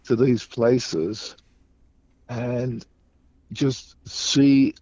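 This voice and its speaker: A man from Australia telling anecdotes casually as a guest, animated and acting out the voices of people in his stories. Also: medium pitch, very slow, husky, no room sound, dull audio. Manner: animated storytelling, acts out voices. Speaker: guest storyteller.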